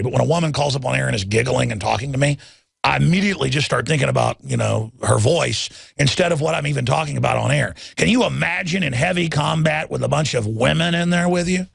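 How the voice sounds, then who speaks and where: A man's voice: fairly high pitch, vocal fry, husky, no echo, studio quality. A man hosting a talk radio show, ranting in a rambling, heated way with many fillers and restarts.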